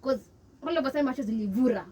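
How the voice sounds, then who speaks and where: A young Kenyan woman with a Kenyan accent, telling her story in an interview and mixing English and Swahili in an animated way. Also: sits high, racing, distant mic, a little hiss or hum. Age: young adult. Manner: switches between English and Swahili, animated, laughs often. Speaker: interview guest.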